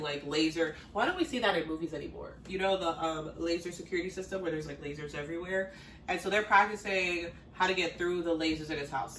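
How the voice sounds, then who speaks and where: A chatty woman recapping a film at home, full of "like" and little acted-out quotes. Her voice is bright and a touch sharp. It sounds roomy and set a little back from the mic, with a faint household hum behind her. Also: on the low side, recorded from a distance. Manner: chatty, filler-heavy, acts out characters in quotes. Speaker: vlogger summarizing a movie. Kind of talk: casual chat. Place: home, fridge running nearby.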